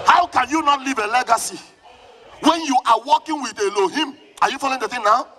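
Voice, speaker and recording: A man with a Nigerian accent preaches at a very high pitch. He drives his sermon with fervor, shouting and calling back to the congregation. The delivery is a live church sermon. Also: fairly quick, a faint crowd. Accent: Nigerian English. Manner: fervent, often shouting, calls on the congregation to respond. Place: church service.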